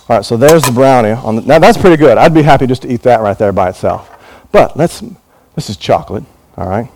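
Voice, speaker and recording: A middle-aged man, a pastor, preaching a sermon in a church with animated delivery, acting out quoted figures. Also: rough recording. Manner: animated preaching, voices quoted figures, lively rises in pitch. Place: church in Hong Kong.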